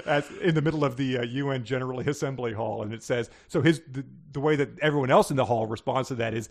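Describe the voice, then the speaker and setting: A man co-hosting a podcast, joking in a casual chat with animated asides and laughter. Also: medium pitch, fast, gravelly. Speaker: podcast co-host.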